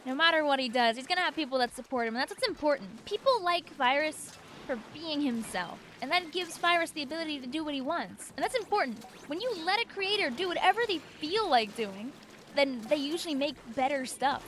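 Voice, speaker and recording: A woman's voice: high voice, animated, brisk, a bit bright, slight background noise. A woman from New York with a Long Island accent, chatting casually with her livestream viewers while she plays, rambling and answering their messages aloud. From New York, USA. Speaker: streamer.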